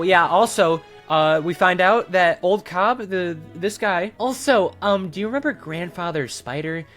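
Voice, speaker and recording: A man's voice: fairly high pitch, a bit bright. A young man recapping a video game's story for an online video, with sarcastic asides and plenty of fillers. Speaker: YouTube game story narrator. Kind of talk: comedic game story recap.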